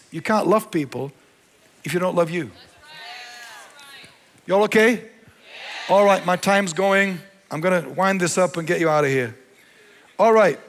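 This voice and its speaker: Guy pastor preaching in a big echoey church hall, pretty high voice, goes soft then loud. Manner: animated preacher, mixing quiet low asides with raised emphatic lines. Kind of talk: sermon. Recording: long hall reverb.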